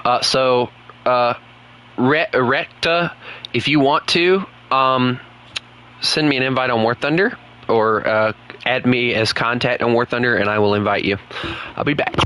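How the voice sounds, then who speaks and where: With a Southern US accent and a clear, resonant, sharp-toned medium voice, a gaming streamer keeps a measured pace as he chats with his viewers. His casual live commentary is rambling and full of fillers, as he thinks aloud and talks to chat.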